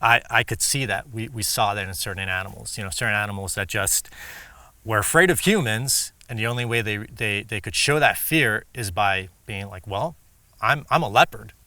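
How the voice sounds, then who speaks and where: A man's voice: on the low side, moderate pace, bright, forceful tone, dry recording. A man hosting a casual interview, thoughtful and hesitant as he works through his points. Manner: thoughtful, hesitant, many fillers and restarts. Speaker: podcast host.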